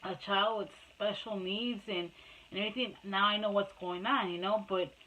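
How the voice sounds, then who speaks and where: A woman's voice: mid-range voice, fairly even intonation, normal speed, sharp tone, rough recording. Casual storyteller, a woman who rambles and restarts a lot, mixes in spanish. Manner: switches between Spanish and English. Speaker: mother telling her life story.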